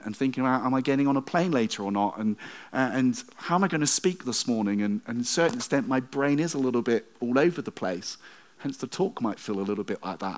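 Man giving a conversational sermon. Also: mid-range voice. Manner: conversational, wry asides, slows for quoted verses. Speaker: preacher.

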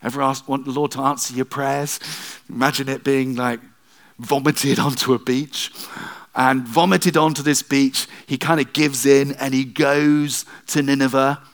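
A male preacher delivers a sermon in a conversational, storytelling way, dropping in wry humorous asides. His delivery is animated, swinging from loud emphasis down to hushed, low stretches. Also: measured pace.

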